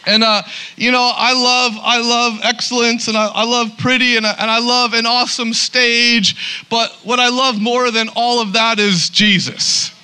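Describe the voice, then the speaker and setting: Man, pastor, sermon, high-pitched, sharp bright tone, emphatic. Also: level tone, unhurried, clean tone. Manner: emphatic, repeats words when starting sentences.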